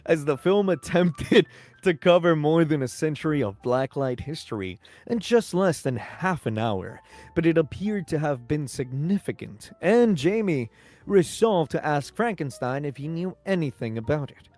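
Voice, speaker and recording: A man reading a novel aloud as a guest in an ASMR stream, laid back and quick to laugh between passages. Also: a little high, expressive, a little mellow. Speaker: guest co-reader.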